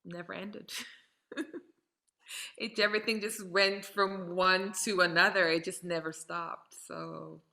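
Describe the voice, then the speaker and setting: A woman from Saint Martin, a guest in an interview, telling her story in a lively, chatty way, acting out the people she quotes and laughing often. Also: on the low side, slow, vocal fry. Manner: animated storyteller who acts out quoted voices and laughs often. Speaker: interview guest, model and doll entrepreneur.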